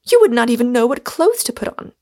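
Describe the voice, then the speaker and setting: A woman reading aloud, voicing a young woman as a teasing, incredulous elder sister in a storybook. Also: quick pace. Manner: incredulous, high and excited.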